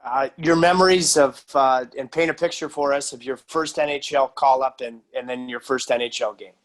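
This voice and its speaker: A man hosting a casual interview podcast, asking chatty, animated questions. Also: medium pitch, normal speed. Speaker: podcast host.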